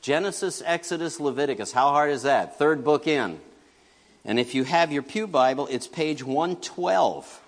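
A middle-aged male pastor preaching in a conversational, joking style, his voice sitting a little high for a man. He swings from loud bursts to hushed asides. The sound carries the long reverb of a large church hall. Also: expressive, normal speed. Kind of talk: conversational sermon. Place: church sanctuary.

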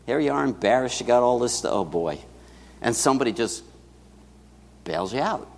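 A man preaching a sermon in a church to his congregation, talking in a lively, conversational way with asides to the listeners. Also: a little high, in a large hall. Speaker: pastor.

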